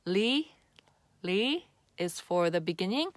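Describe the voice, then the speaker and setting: Woman, casual pronunciation teacher, patient and slow-spoken, dry close sound. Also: fairly low pitch, animated, vocal fry, dry recording. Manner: patient, repeats sounds slowly for the viewer. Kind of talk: casual on-camera pronunciation lesson.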